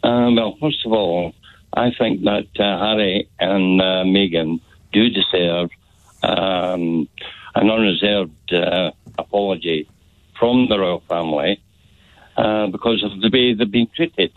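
A caller from Scotland speaks slowly and hesitantly down a tinny phone line, pausing often. His voice sits somewhat low. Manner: hesitant, halting. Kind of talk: phone-in call.

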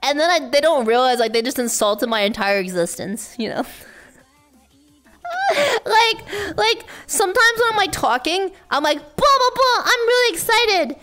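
A woman streamer with a high, squeaky voice, chatting casually and excitably with her chat, often shrieking and laughing. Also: normal speed, soft background music.

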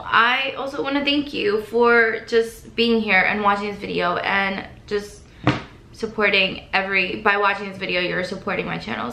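A woman's voice: on the high side, pushed and bright, a little hiss or hum. Chatty young woman vlogging in a roomy room. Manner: chatty, rambling, sometimes eating while talking. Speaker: YouTuber. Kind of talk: casual vlog chat.

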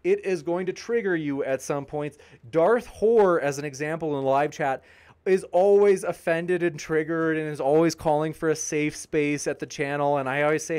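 A man's voice: fairly high pitch, normal speed, darkish tone, clear, resonant tone. A man hosting a live debate stream, reading viewer comments aloud and answering them with upbeat, jokey banter. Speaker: debate channel host.

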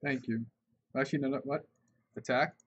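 A man's voice: mid-range voice, steady tone, a little fast, breathy edge, muffled recording. A male streamer commenting on his own card game live, talking in exasperated, repetitive outbursts.

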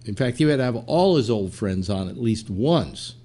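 A man's voice: mid-range voice, expressive, moderate pace, mellow. An older man hosting a talk show, telling anecdotes in a loose, rambling way full of fillers and playful quoted voices. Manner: storytelling, many fillers, mimics quotes. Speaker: podcast host. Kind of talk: casual rambling chat.

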